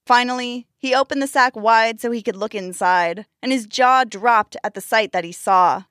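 A woman host narrating a storybook tale with expressive, measured delivery. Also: a little high, no echo, studio quality.

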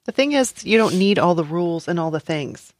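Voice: medium pitch, animated, brisk, no echo, studio quality. A podcast guest in casual chat, supportive and encouraging, mostly giving brief replies.

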